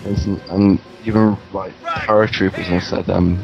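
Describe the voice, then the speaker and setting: A man's voice: sits low, level tone, moderate pace, gravelly, highs cut off, over music. A man rambling through a comedic in-character monologue, hesitant and full of ums and restarts. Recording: voice over loud video game gunfire. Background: game battle sounds with gunfire.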